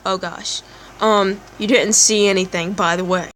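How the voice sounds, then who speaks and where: A woman's voice: mid-range voice, fairly even intonation, normal speed, fairly bright tone, slight background noise. A woman playing a story game, reading its text aloud and chatting with giggly side comments. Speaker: let's play gamer.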